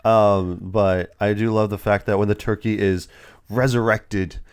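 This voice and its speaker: A man's voice: on the low side, little pitch movement, measured pace, smooth. A young man hosting a casual movie review podcast, retelling scenes with quoted voices. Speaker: podcast host.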